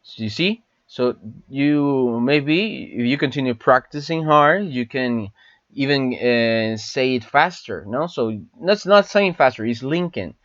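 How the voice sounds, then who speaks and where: A man whose first language is Spanish, teaching an online English lesson, explaining and repeating phrases slowly and often tagging questions with "no?". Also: mid-range voice, expressive, a bit bright, no echo, dull audio.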